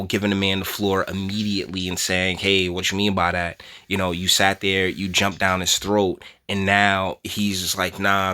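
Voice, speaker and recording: Animated male commentary vlogger. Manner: animated, pitch jumps high when worked up, drops low and quiet when serious; rambling, restarts and trailing asides, laughs between phrases. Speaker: commentary channel host. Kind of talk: casual opinion commentary.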